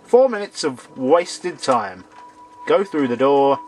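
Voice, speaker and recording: A man's voice: medium pitch, very animated, slow pace, darkish tone, a little hiss or hum. A man commentating a horror game, sarcastic and shrieking when startled. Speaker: let's play gamer.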